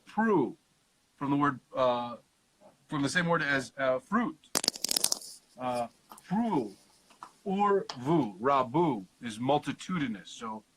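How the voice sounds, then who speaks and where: A man hosting a casual Bible study over a video call, slowly sounding out Hebrew words and explaining them with the odd curse. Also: mid-range voice, big pitch swings, noisy background. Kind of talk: casual teaching livestream.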